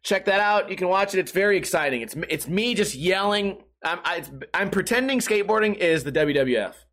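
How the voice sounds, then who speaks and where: A man's voice: sits high, animated, fairly quick, fairly bright tone. A young man hosting a live-streamed solo podcast, telling rambling, profane, self-mocking stories in a casual way.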